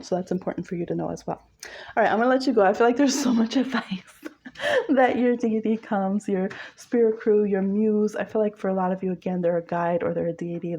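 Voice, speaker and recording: A woman giving a casual spoken tarot reading, chatty and quick, who laughs often. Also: medium pitch, dark tone, a little hiss or hum. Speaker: tarot reader.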